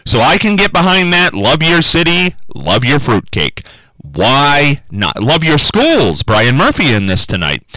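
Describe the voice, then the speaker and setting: A man's voice: fairly high pitch, huge pitch swings, measured pace, sharp tone, dry recording, rough recording. A man hosting a radio talk show, chatting in a folksy way and repeating phrases for emphasis from the studio.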